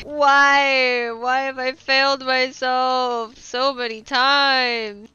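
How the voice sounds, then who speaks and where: A young adult woman streaming a game, talking to viewers and cursing and yelling at the game in frustration. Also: high voice, expressive, slow, hardly any pauses, highs cut off, slight background noise. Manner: swears and shouts at the game in frustration. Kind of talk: live game streaming chat.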